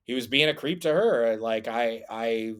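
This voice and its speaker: A man's voice: medium pitch, moderate pace, clean tone. A man and former soldier telling a story on a podcast in a casual, rambling way, with lots of fillers and restarts.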